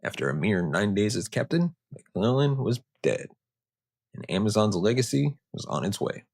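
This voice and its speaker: A man's voice: lowish voice, sing-song, normal speed, vocal fry, a little mellow. A man hosting a history show, narrating with joking, conversational asides. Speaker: host.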